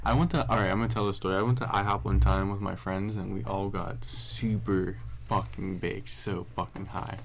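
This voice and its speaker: Rambling low-voiced young man. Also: steady tone, normal speed, vocal fry, slight background noise, rough recording. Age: young adult. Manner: rambling storyteller, swears a lot. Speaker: podcast host. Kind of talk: casual podcast chat.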